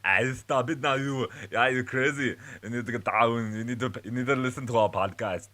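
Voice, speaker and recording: A man putting on a gruff, slurring tough-guy action hero voice. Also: medium pitch, fairly quick, sharp tone, pitched above the performer's own voice, lightly acted. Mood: bossy.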